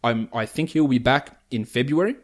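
A man hosting a casual sports podcast, with a voice sitting at an ordinary middle pitch. He reels off numbers and player prices in an easygoing, opinionated stream of analysis. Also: normal speed. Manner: rattles off player stats and prices in a chatty, opinionated way. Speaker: fantasy basketball podcast host.

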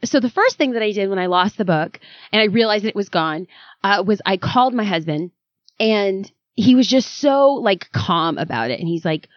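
A woman guest on an interview podcast, telling her story in a dramatic, animated way. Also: medium pitch, normal speed, no echo, muffled recording. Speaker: author and guest.

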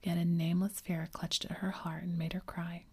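Whispered story reader, woman, husky low voice, flat delivery. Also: moderate pace. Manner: whispered throughout.

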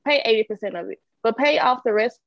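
A woman's voice: fairly high pitch, fast, creaky, no echo, dull audio. A woman advising on credit in casual chat, explaining steps plainly.

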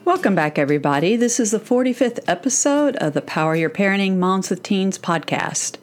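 A middle-aged woman talks through a solo podcast episode in a medium-pitched voice. She speaks straight to her listeners, in a direct and encouraging way, like a host guiding mothers. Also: big pitch swings, fairly quick, soft background music.

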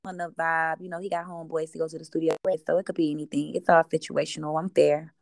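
Easygoing young woman, low and dry. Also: level tone, fast talker, gravelly, no echo. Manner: easygoing, chatty, laughs often. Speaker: guest artist. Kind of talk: casual interview chat.

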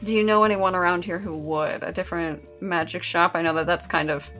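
A woman's voice: fairly low pitch, steady tone, fairly quick, fairly bright tone, soft background music. A woman playing a tabletop game, chatty and a little flustered as she shops for items. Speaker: player. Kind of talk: casual tabletop game chat.

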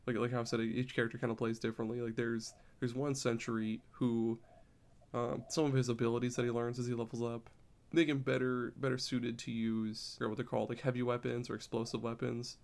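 A man's voice: mid-range voice, little pitch movement, brisk, gravelly, darkish tone. A man chatting casually on a podcast, rambling and repeating words as he explains. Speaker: podcast co-host.

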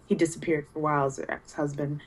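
A woman's voice: low voice, level tone, fast. A woman co-hosting a casual movie podcast, dry and matter-of-fact. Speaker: podcast co-host.

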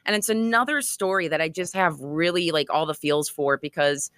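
Woman guest, low voice, dry close sound, chatty and animated storyteller. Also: normal speed, no echo. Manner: animated, chatty, laughs often. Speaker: author and guest. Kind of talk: conversational storytelling interview.

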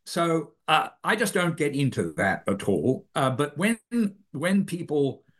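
Lively, halting older male philosopher. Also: on the high side. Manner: thoughtful, halting, restarts phrases. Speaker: philosopher, author. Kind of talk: academic interview answers.

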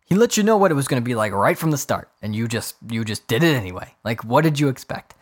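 A man's voice: mid-range voice, big pitch swings, fast talker. A man hosting his own podcast in a casual solo rant, exasperated and profane, often mocking others in put-on voices. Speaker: podcast host.

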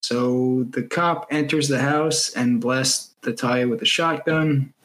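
A man's voice: medium pitch, steady tone, takes it slowly, fairly bright tone, rough recording. A man co-hosting a casual movie podcast, steadily retelling a film's plot. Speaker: podcast co-host.

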